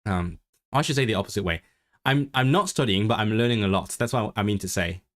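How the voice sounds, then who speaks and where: A man's voice: on the low side, brisk. A man livestreaming casually about learning languages, thinking aloud with many restarts, reading chat and trying out learner's Welsh. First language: English. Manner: switches into learner's Welsh with lively intonation. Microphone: desk microphone.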